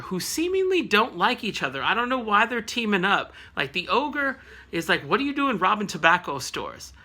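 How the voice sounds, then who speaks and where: A man casually recapping a comic book issue, rambling with jokes and quick asides to viewers. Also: sits high, sharp tone. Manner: rambling, joking asides, frequent laughs.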